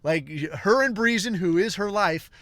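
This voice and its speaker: A man hosting a podcast, telling a long comic story in a rambling, crude way with deadpan asides. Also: sits high, measured pace, no room sound. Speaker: podcast host.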